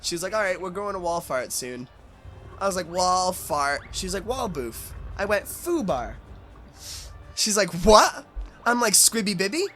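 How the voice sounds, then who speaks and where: A man's voice: high voice, big pitch swings, normal speed, pauses often, sharp tone, faint music behind. A young man hosting a let's play, rambling and swearing in casual chat and laughing at his own jokes.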